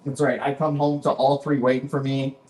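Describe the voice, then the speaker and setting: A man's voice: mid-range voice, little pitch movement, brisk, darkish tone. A man in his forties doing a dry stand-up set, often repeating "that's right" after a punchline. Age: 40s. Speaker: stand-up comedian. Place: basement comedy club. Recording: echoey club room.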